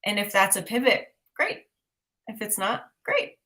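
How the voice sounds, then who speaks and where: A woman's voice: medium pitch, very animated, unhurried, bright, forceful tone. An upbeat woman hosts an intuitive art reading on a livestream. She talks in a loose, chatty way, full of fillers and rhetorical questions. Her tone stays encouraging and easygoing. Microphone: livestream mic.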